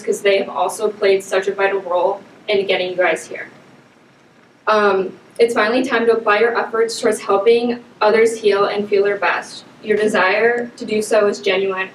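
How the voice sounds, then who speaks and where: A young woman speaks to her classmates in a warm, casual way, giving a congratulatory speech from a podium. Her voice rings around an echoey hall, and she is heard from a distance with faint noise underneath. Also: mid-range voice. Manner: warm, casual, addresses the audience as "you guys". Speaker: student government vice president. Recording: echoey hall, far from the mic.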